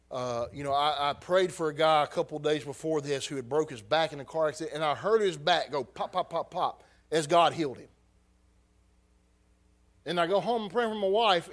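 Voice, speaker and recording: A man, a missionary preacher giving an emotional personal testimony, halting and repeating his words. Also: a little high.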